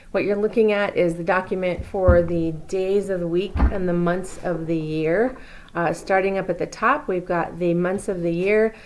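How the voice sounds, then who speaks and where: Brief: woman teacher, slightly low voice, patient and encouraging, recorded lesson walkthrough. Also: darkish tone. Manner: patient, encouraging, spells words letter by letter. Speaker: Spanish teacher.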